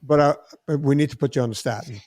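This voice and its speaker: A fast-talking podcast host in his sixties animatedly tells a long story during casual chat, acting out the characters' lines. His voice is mid-range, recorded with studio quality and no echo.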